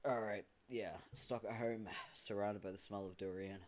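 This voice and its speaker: British male streamer, lowish voice, dry sarcastic delivery. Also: fairly even intonation, a little mellow. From Britain. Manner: dry, sarcastic, quick asides. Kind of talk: casual stream chat.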